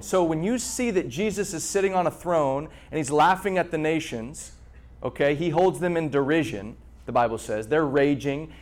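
A man preaching a sermon to a congregation in an animated way, repeating words and pausing for effect. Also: on the high side. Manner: animated preaching with repetitions and dramatic pauses. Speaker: pastor.

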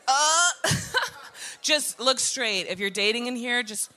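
A woman pastor preaching a sermon, animated and laughing at times, building to shouted passages. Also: on the high side, slow, slight background noise.

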